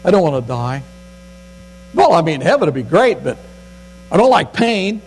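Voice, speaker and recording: A man's voice: sing-song, normal speed, darkish tone, slightly rough, rough recording. An older man, a grandfather, preaching a sermon in a folksy way, acting out the scripture quotes. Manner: folksy, acts out quotes with rising pitch. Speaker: pastor.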